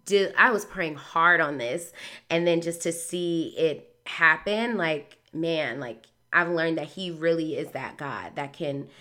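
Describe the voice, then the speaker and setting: Speaking slowly in a low, bright, forceful voice, a thirtysomething woman shares a reflective podcast monologue about faith and lessons learned. She's candid, conversational and earnest, leaning on fillers like "like" and "um" while giving faith-centered encouragement.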